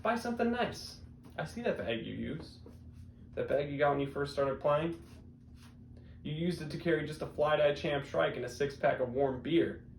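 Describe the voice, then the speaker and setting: A young man hosting a disc golf news show in a deadpan comedic style, with sudden loud bursts. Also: on the high side, moderate pace, vocal fry. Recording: echoey room with faint background noise.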